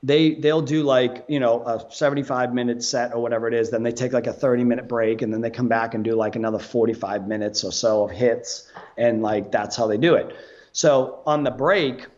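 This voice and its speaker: A man, a guest on a podcast, telling a story in a casual, animated way, swearing and laughing as he goes. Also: medium pitch, brisk, dull audio.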